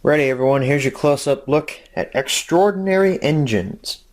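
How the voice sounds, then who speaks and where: A man's voice: a little high, lively intonation, moderate pace, faint music behind. A young man hosting a casual review, rambling and self-deprecating with jokey asides. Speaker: host.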